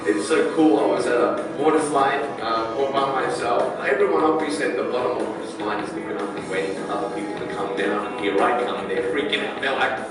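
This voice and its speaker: A man's voice: mid-range voice, fairly quick, hardly any pauses, far from the mic. A man giving a motivational talk to an audience, playful and joking, often asking the crowd questions. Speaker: motivational speaker. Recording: clip played in an echoey hall, heard from afar with music.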